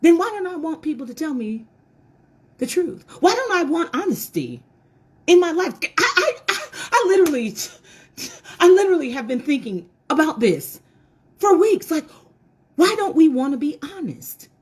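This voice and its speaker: A woman's voice: high voice, sing-song, normal speed. Emphatic woman giving a motivational talk. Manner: emphatic, preachy, with self-mocking asides to the audience; repeats words and restarts when fired up. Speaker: host of a motivational talk for women.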